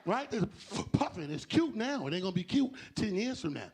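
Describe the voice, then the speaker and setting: A man's voice: high-pitched, brisk, vocal fry, husky. A man doing a stand-up comedy set on a club stage, acting out conversations in shifting voices. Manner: animated, acts out dialogue in shifting voices.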